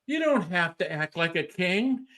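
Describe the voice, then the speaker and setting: High-voiced man firing rhetorical questions. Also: big pitch swings, bright, forceful tone. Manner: rapid rhetorical questions, emphatic. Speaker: guest. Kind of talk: animated interview talk.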